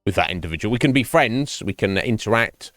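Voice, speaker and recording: A man's voice: lowish voice, lively intonation, brisk, a bit bright, dry recording. A man streaming a game and chatting casually with his viewers, musing aloud with lots of fillers and restarts. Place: home streaming setup. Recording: dry close mic, faint game music behind.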